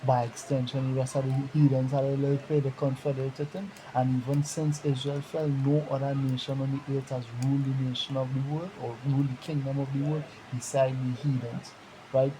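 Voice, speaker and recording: A man's voice: mid-range voice, little pitch movement, brisk, background noise. A man leading a bible study discussion, reading scripture aloud and asking rhetorical questions.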